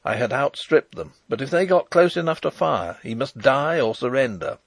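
A man narrating a novel chapter aloud in a measured, expressive reading. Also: mid-range voice, gravelly, breathy edge, no room sound. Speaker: audiobook narrator.

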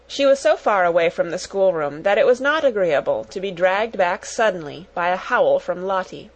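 A woman narrating a children's storybook aloud in a measured, even-paced way. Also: on the low side, muffled recording. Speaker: audiobook narrator. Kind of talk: storybook reading.

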